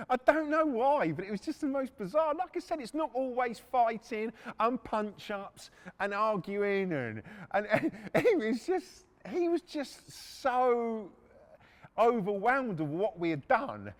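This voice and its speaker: A man's voice: very high voice, sing-song, a little slow. A middle-aged man, hosting a podcast and casually telling a story from his working life, blunt and swearing freely. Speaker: podcast host.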